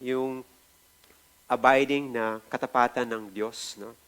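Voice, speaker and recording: A man's voice: mid-range voice, steady tone, unhurried, a bit bright, clear, resonant tone. A man with a Filipino accent preaching a sermon, repeating key phrases for emphasis and often checking in with the congregation. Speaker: pastor.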